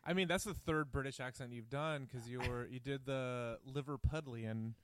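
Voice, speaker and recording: A podcast co-host with a bright, sharp voice chimes in with quick, keen reactions. A faint hiss sits under his voice. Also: mid-range voice. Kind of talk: casual comedic chat.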